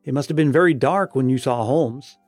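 A man voicing an earnest, sentimental elder sister while reading an audiobook, in a gentle manner. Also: medium pitch, fairly quick, no echo, soft background music, lightly acted. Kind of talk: read-aloud dialogue in an audiobook.

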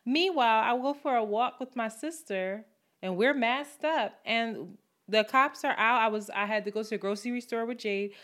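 A woman's voice: a little high, normal speed. Indignant woman telling a story on a podcast. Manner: animated storytelling, swearing, indignant. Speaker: podcast co-host. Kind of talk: casual chat.

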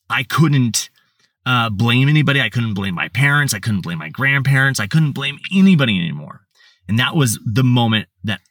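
A man's voice: mid-range voice, fairly bright tone, no echo, distant mic. A man, a podcast guest, telling his life story in a blunt, casual way, swearing and restarting his sentences often. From United States.

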